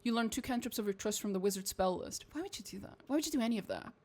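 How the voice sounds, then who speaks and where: A woman from Portugal streams casual game commentary in English. Her accent drifts between posh British and American, and her voice sits a little high. She reads game text aloud and rambles with plenty of swearing. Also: animated, rapid-fire, darkish tone. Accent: mixed British and American English.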